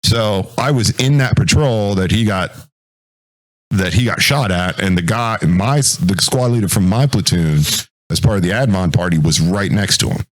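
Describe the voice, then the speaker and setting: A military veteran talking casually on a podcast, telling a war story in a rambling, profane way and acting out what people said. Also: male voice, fairly low pitch, normal speed. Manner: acts out quoted voices.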